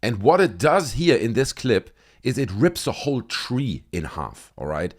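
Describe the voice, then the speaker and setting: A man's voice: medium pitch, sing-song, a little slow, slightly rough. A man from Germany hosting a video channel, giving joking, sarcastic commentary on viral clips. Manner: joking, sarcastic, laughs at footage. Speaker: YouTube host reacting to viral clips. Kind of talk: casual commentary.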